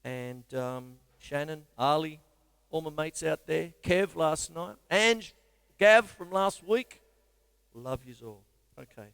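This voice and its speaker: An Australian man teaching drums on a casual live stream, rambling and self-mocking. His voice sits a little high. The close, dry voice carries a long reverb tail. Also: slow, gravelly, a bit bright, clean tone. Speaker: drum teacher and show host.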